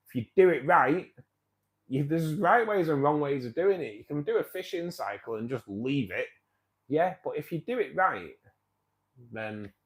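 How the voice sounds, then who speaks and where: A middle-aged man hosts a fishkeeping club's live stream, rambling casually as he reads out viewer comments and laughs often. His voice is mid-range, and the audio quality is poor.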